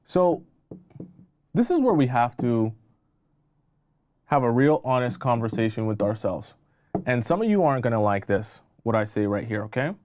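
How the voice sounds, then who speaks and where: A man's voice: medium pitch, sing-song, moderate pace, pauses often, darkish tone. Emphatic man giving dating advice. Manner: emphatic, repeats phrases for stress, scolding. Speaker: dating coach. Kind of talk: live-stream relationship advice.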